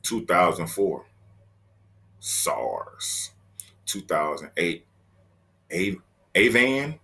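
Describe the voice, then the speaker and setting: Man, low voice, casual solo podcast, slangy, joking, talks to listeners. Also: very animated, very slow, pauses often, sharp tone. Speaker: podcast host. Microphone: laptop setup, talking to camera.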